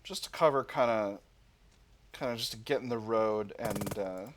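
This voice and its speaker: A man's voice: lowish voice, normal speed. A man playing a strategy war game and commenting as he goes, thinking aloud and reading the event text with hesitations. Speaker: gaming channel host.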